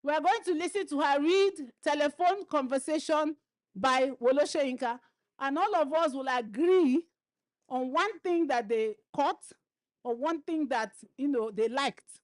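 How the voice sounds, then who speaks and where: A woman moderating a conference session, introducing a reader and urging the audience to be quiet and applaud. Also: high-pitched, measured pace, no echo. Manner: encouraging, asks the audience for quiet. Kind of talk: introducing a speaker on stage. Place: conference stage.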